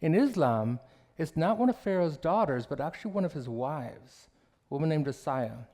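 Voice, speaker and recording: A man preaching a sermon in a church, telling stories and parables with quoted dialogue and slowing down on key phrases. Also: a little high, lively intonation, dark tone. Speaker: minister. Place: church sanctuary.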